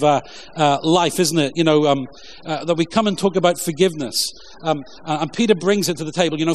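A man preaching a relaxed, conversational sermon with jokey asides and lots of fillers, reading scripture along the way. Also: fairly high pitch. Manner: informal, halting, many fillers, jokey asides. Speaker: pastor.

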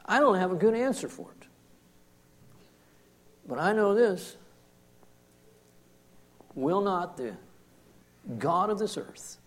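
A man preaching a sermon, commenting on scripture in an emphatic way that swings from hushed to forceful. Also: high voice. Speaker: pastor.

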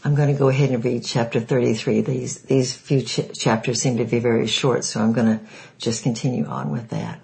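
Guy reading a novel out loud, gravelly voice, plain steady narration. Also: medium pitch, fairly quick, rough recording. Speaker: reader of a novel. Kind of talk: reading a book aloud.

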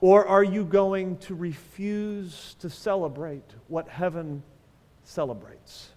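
Male pastor with a high voice, preaching to his congregation with questions and dry jokes; long echo of a big church hall. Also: slow, a little mellow. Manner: conversational preaching, asks the congregation questions, wry humor. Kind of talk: sermon. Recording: long reverb of a large hall.

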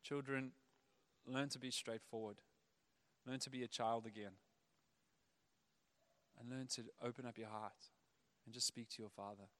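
A man preaching a sermon, animated, acting out the voices of the people in his stories. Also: medium pitch, unhurried, long pauses. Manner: animated, acts out quoted voices. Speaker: pastor.

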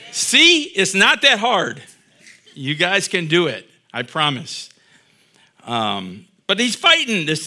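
A man's voice: sits high, pushed and bright. A middle-aged man preaching a sermon, reading scripture aloud and then explaining it in a conversational way. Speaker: pastor.

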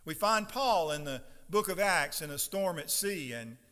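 A pastor with a fairly high, bright, forceful voice preaches a sermon from the pulpit of a church sanctuary, his sound carrying a long church reverb. Expressive and smooth at a measured pace, he shifts from easy storytelling to loud, emphatic scripture reading.

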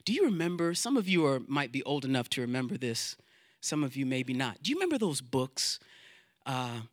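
A male pastor preaching a sermon to his congregation in church, animated, quoting scripture, acting out inner doubts and repeating words as he builds his points. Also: medium pitch, brisk, no echo, studio quality. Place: church sanctuary.

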